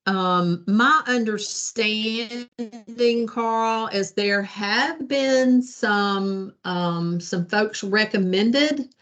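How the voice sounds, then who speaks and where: A woman at a meeting who answers a question slowly and helpfully, hesitating as she goes. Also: mid-range voice, a bit bright. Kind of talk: casual meeting talk. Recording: dull lo-fi meeting recording.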